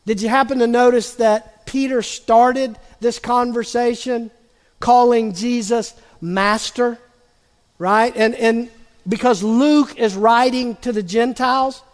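Male pastor, very high voice, casual storytelling sermon, long hall echo. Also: fairly even intonation. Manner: conversational preaching, acts out quotes, drops to soft pauses.

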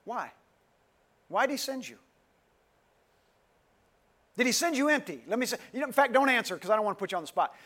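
A man's voice: very high voice, very animated, fairly quick, pauses often, sharp tone. A man preaching a sermon to a live congregation, repeating his questions, leading call-and-response and calling on listeners by name. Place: dim church hall, live congregation.

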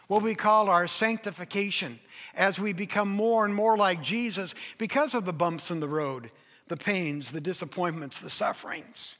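Brief: older male pastor, high bright voice, emphatic sermon, long hall reverb. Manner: emphatic preaching, acts out quoted voices.

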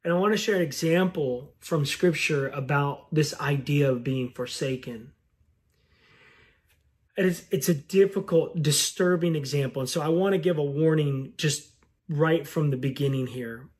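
A middle-aged male pastor preaching a sermon with slow, reflective delivery and long pauses. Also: a little high, a little mellow.

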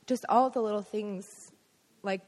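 A woman from the congregation shares a reflective testimony in a soft-spoken way. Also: medium pitch, fairly even intonation, measured pace. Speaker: congregation member. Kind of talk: sharing testimony in church. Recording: long hall reverb.

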